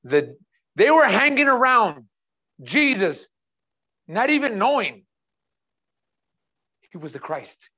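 A high-pitched male pastor, preaching emphatically. He hammers home key phrases, repeating them and calling out to the congregation as he walks them through scripture. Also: very animated, takes it slowly, pauses often, pushed and bright. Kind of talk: sermon.

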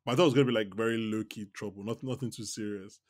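A man co-hosting a podcast in a casual TV recap chat, animated, laughing often and restarting his sentences. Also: fairly low pitch, racing, no echo, clean studio sound. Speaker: podcast co-host.

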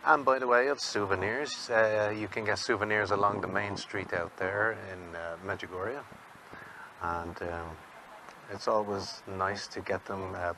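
A man's voice: sits low, noisy background. An Irish man vlogging in a rambling, chatty way and laughing often as he talks to viewers. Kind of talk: casual walking vlog.

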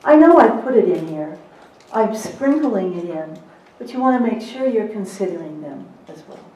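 A middle-aged woman presenting a live seminar to court reporters, emphatic and lively, with teasing asides. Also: medium pitch, moderate pace, slight background noise. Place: seminar room. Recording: roomy echo, recorded from a distance.

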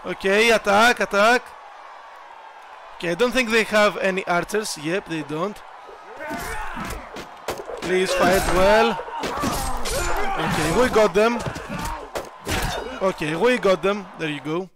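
A young man giving casual gameplay commentary, excitable, swearing and shouting at his troops and laughing at himself. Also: sits high, slow, pauses often, background noise. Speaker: gaming YouTuber.

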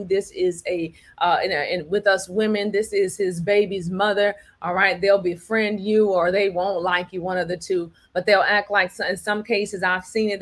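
A woman's voice: medium pitch, fairly bright tone. An emphatic woman speaking in a mid-range voice, holding forth like a preacher to her audience. She keeps checking in with her listeners and drives each point home by repeating it. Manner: preachy, repeats "all right" and "do you understand me", acts out quotes. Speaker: host. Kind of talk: emphatic commentary monologue.

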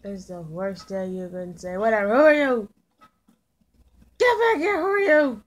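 A woman voicing a hyper, cheerful young male fox kid in in-character game commentary, excitable and pushy. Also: medium pitch, unhurried, close to an everyday voice. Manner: excitable, bouncy, keeps shouting questions at passers-by.

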